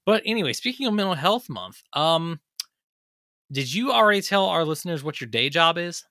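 A man's voice: a little high, sing-song, moderate pace, sharp tone, no echo, clean studio sound. A man hosting a casual podcast interview, teasing his guest and rambling through his questions. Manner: teasing, joking, rambling with fillers. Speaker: podcast host.

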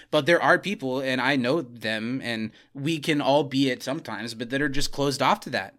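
A young man co-hosting a podcast, recapping a TV episode in animated casual chat. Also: mid-range voice. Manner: animated, quick recaps with acted quotes. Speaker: podcast co-host.

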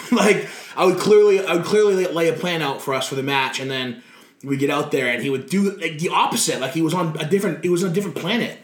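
A man being interviewed, telling stories in a lively way, swearing freely and laughing as he talks. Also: a little high, fast talker. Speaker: guest wrestler. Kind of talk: casual interview storytelling. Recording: roomy echo.

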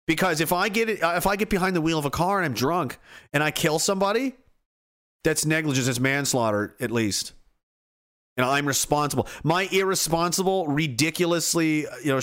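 A man's voice: a little high, fairly bright tone. Angry, profane man ranting. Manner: profane, sarcastic and mocking. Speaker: host of a commentary show. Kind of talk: angry political rant.

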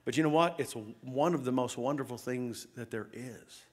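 This sermon comes from a middle-aged man preaching as a pastor, who tells stories, asks the congregation questions, and alternates loud outbursts with quiet asides. He has a mid-range voice and keeps a moderate pace.

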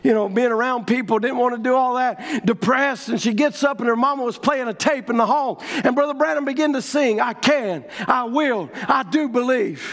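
A middle-aged man preaching with a drawl and a strikingly high voice. He builds fervently into shouted declarations before dropping back to a plainer storytelling tone. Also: fairly even intonation, brisk, few pauses. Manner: fervent, shouting, rising to proclamations. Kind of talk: revival sermon.

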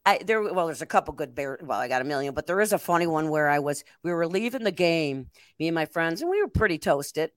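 Lively, laughing older woman storyteller. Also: on the low side, dry recording. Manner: animated storyteller, laughs often. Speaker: podcast co-host. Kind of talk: casual chat.

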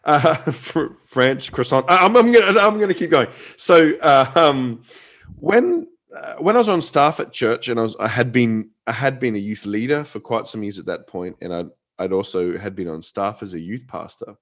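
A man's voice: medium pitch, lively intonation, fairly bright tone. Chatty man telling a story. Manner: chatty, halting with many restarts and fillers. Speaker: podcast host, former youth pastor. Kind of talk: casual chat with storytelling.

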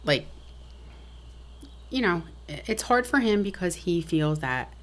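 A woman's voice: fairly low pitch, big pitch swings, measured pace. A middle-aged woman telling a family story frankly and matter-of-factly as a podcast guest. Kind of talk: casual interview talk.

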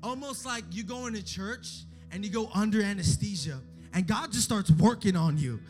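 A man preaching a sermon as a youth pastor, fervent and casual, repeating phrases and swinging between hushed pleading and shouting. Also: sits high, moderate pace. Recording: music playing under the voice.

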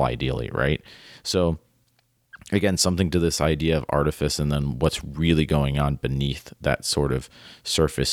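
With a bass voice, a podcast host chats casually about a short story and reads quotes aloud, eager and rambling. He uses lots of fillers and keeps tacking on "right?" The audio is clean studio sound with no room sound.

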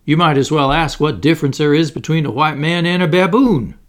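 A man's voice: fairly high pitch, brisk, voice pushed up, natural voice. Man reading a scoffing plantation owner. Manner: scoffing, blunt.

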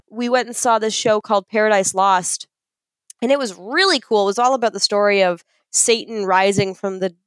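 A young adult woman co-hosting a podcast in casual chat, gushing and excitable as she tells a story. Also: medium pitch, clean tone, no room sound. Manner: excitable, gushing storyteller, fond of self-described geeking out. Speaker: podcast co-host.

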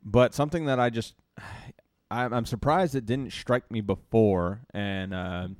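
A man's voice: medium pitch, measured pace, no room sound, clean studio sound. A man co-hosting a podcast, talking casually and getting heated, ranting and swearing freely. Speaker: podcast co-host. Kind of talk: casual chat.

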